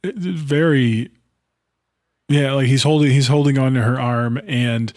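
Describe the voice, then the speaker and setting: A man co-hosting a podcast, chatting casually about a film in a joking, profane, halting way. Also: mid-range voice, darkish tone. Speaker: podcast co-host.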